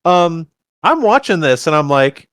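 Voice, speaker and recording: A man with a fairly high voice recaps a movie for his co-host, jumping in and out of the characters' lines with plenty of energy. The sound is dry and close to the mic. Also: measured pace, clear, resonant tone, no echo. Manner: animated retelling, acts out characters' lines. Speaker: podcast co-host. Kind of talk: casual movie review chat.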